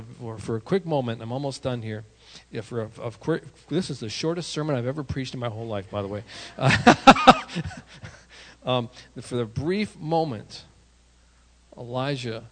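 A man, a pastor, preaching an animated sermon with self-deprecating asides and sudden shouted prayers. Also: mid-range voice.

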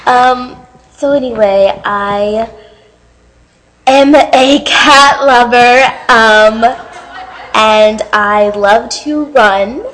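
A woman's voice: on the high side, extremely slow, a bit bright, low-quality recording. A young woman recording a dating profile video, tearful and overwrought, laughing and crying as she talks. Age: young adult. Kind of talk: comedic dating video monologue.

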